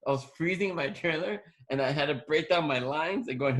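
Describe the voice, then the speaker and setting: A man in his forties, a guest actor, tells a long story during an interview, restarting sentences often and acting out what people said in a rambling way. His voice is fairly high and fairly bright, and he talks fairly quickly with few pauses.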